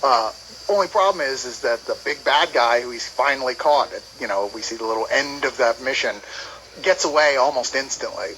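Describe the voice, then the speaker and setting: A man's voice: mid-range voice, fairly quick, pushed and bright, slight background noise, rough recording. A man co-hosting a casual movie review podcast, rambling and laughing often as he retells the plot.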